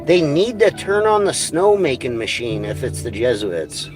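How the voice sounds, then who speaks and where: A man's voice: medium pitch, very animated, normal speed, music in the background. A man ranting on a livestream, angry, crude and rambling. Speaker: livestream host.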